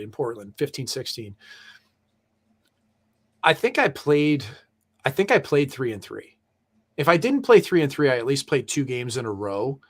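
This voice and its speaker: A middle-aged man, a former pro goalie, telling loose, profane stories in casual chat and laughing through them. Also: mid-range voice. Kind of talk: casual storytelling.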